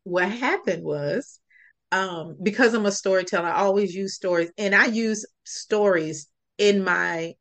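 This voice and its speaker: A woman speaks as a podcast guest, earnest and reflective. She tells a personal story at a measured pace, her voice sitting in a middle pitch. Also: a bit bright.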